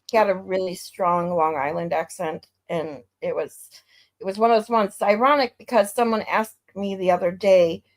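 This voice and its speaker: A woman from Michigan hosting a livestream, chatting casually and laughing easily. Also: mid-range voice. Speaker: livestream host. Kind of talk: casual chat.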